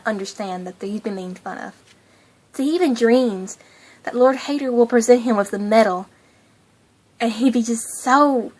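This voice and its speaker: Gushing, giggly woman host. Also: on the high side. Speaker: fan channel host. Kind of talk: casual cartoon commentary.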